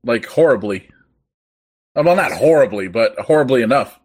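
Easygoing man in mid-pitched casual chat. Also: expressive, normal speed, darkish tone, husky. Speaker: podcast co-host.

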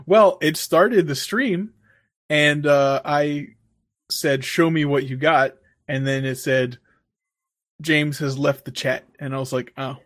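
A man co-hosting a casual podcast, recounting things in a relaxed way. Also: a little high, takes it slowly, no echo, studio quality. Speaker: podcast co-host. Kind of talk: casual chat.

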